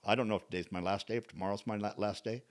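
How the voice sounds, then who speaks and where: A man's voice: fairly low pitch, fairly even intonation, racing. A man on a podcast talking in a folksy, preachy way, repeating his phrases. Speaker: podcast co-host. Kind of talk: casual chat.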